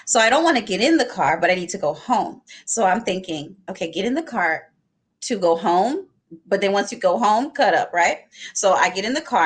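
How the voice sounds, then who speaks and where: A young adult woman on a live panel, telling a story with laughs and acting out the lines she quotes. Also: lowish voice.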